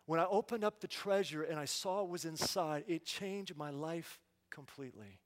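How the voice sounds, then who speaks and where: High-voiced guy preaching, acts out a story with all the voices, big hall echo. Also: moderate pace. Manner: animated, acts out the story with quoted dialogue. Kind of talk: dramatic first-person sermon storytelling. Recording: long hall reverb.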